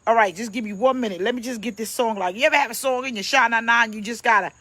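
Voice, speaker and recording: A woman pastor talks to her livestream viewers from home, playful and chatty. Her voice sits fairly high, and the sound is dry and close with no room echo. She greets people by name between points of her message. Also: rapid-fire, bright, forceful tone. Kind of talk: casual livestream preaching.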